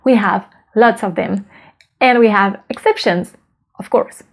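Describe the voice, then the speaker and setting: A woman's voice: medium pitch, unhurried. A woman with a French accent teaching pronunciation in a casual video lesson, explaining patiently and often checking in with the viewer.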